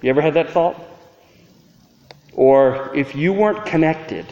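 Preacher, man, slightly high voice, earnest rhetorical questions, long church reverb. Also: unhurried, darkish tone. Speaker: pastor. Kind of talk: sermon. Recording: roomy hall reverb, dull sound.

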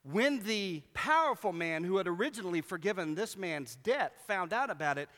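A male preacher delivers a sermon with a fairly high voice. He tells stories with lively animation and acts out the people he quotes. His voice carries a long reverb, as in a large hall. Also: moderate pace, hardly any pauses.

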